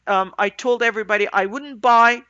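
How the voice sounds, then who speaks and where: A woman with a congested, mouth-breathing voice walks through an end-of-day trading review. She thinks aloud in halting phrases full of fillers, and her tone is bright and forceful. The recording is dry and a little muffled. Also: a little high, clean tone, no room sound. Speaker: day trader reviewing charts.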